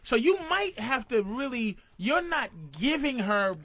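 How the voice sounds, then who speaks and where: A man's voice: extremely high pitch, big pitch swings, measured pace, pushed and bright, dull audio. A man hosting a crude comedy call-in radio show, profane and often laughing as he riffs. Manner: profane, laughing, riffing bits.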